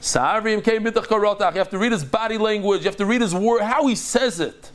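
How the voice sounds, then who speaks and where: Excitable rabbi guy teaching talmud, kinda high voice, acts stuff out, keeps restarting. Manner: animated and dramatic, acts out quotes, quick restarts. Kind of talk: lively Talmud lecture to a live group.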